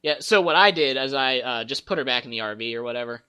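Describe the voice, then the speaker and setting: Bright-voiced man rambling about games. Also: mid-range voice, lively intonation, fast talker, clean tone. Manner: rambling storyteller, acts out game characters' lines. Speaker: podcast host. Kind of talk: casual gaming chat.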